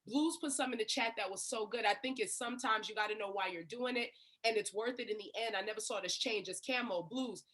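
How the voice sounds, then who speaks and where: A woman's voice: medium pitch, fast, hardly any pauses, fairly bright tone. A woman moderating a casual panel, upbeat and affirming, with slangy asides.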